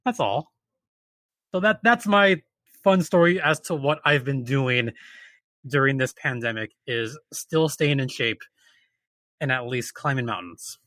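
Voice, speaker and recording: A man casually telling an animated, exasperated story as a podcast host. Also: medium pitch, a little slow, pauses often, no echo.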